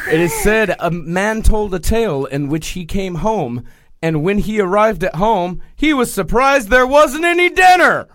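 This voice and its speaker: Animated man telling a history story. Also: high voice, unhurried, no echo. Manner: reads a history tale aloud with jokey asides and voiced quotes.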